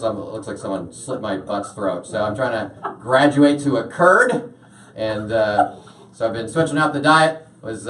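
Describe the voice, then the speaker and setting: A young man doing a stand-up set, rambling with lots of filler uhs. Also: medium pitch. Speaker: stand-up comedian. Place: small washroom used as a stage. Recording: echoey room, voice from far off.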